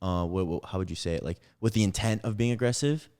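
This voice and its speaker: Low-voiced young man telling a story. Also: quick pace, clear, resonant tone. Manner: rambling, animated retelling with acted-out quotes. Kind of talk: casual storytelling in podcast chat.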